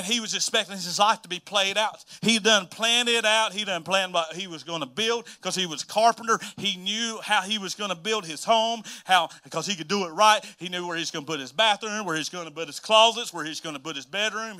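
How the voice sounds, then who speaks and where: A man preaching a sermon in an energetic, folksy way, often repeating himself and laughing. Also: high-pitched. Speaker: pastor.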